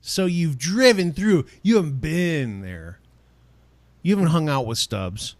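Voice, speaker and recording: A man co-hosting a podcast in casual banter, playful and quick to laugh. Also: fairly high pitch, very animated, dry recording. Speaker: podcast co-host. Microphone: studio mic.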